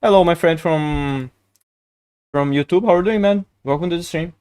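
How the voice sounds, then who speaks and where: A man chatting casually on a live chess stream, excitable and chatty, swearing and laughing often. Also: fairly high pitch, moderate pace, smooth, no room sound, studio quality. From Brazil.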